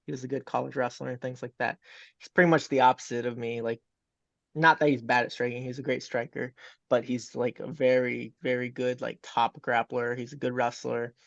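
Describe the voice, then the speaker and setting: Young guy w a gravelly voice rambling on a zoom call, lots of likes and ums, kinda dull dry audio. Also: medium pitch, level tone, fairly quick, no room sound. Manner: rambling, full of fillers and quoted dialogue. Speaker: MMA fighter guest. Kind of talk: casual interview chat. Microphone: video call.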